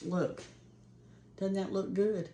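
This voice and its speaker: An older woman with a warm Southern accent talks her viewers through a home-cooked meal, calling them y'all and honey. Her voice sits at an ordinary middle pitch. The frying and stirring of her kitchen comes through clearly behind her. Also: little pitch movement, slow pace, heavy background noise. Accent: Southern American. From American South. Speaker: cooking show host. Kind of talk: chatty home cooking demonstration. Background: frying and sizzling of cooking.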